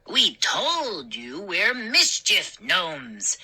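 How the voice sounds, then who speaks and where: A woman voicing small, gleeful, mischievous gnomes with shrill, sneering, giggly voices. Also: big pitch swings, takes it slowly, pushed and bright, slightly rough, full character voice.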